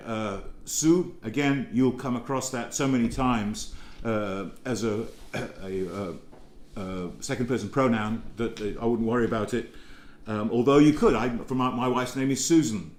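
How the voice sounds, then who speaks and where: A man's voice: mid-range voice, darkish tone, roomy sound. A middle-aged English man teaching Greek vocabulary in a rambling, hesitant way, full of fillers and restarts. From England. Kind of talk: informal recorded lecture.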